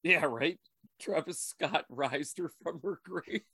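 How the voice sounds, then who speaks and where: A man's voice: a little high, slow, bright, forceful tone, breathy edge, no echo, clean studio sound. A man co-hosting a podcast in casual chat, rambling and crude, stumbling over names, on a video call. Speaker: podcast co-host.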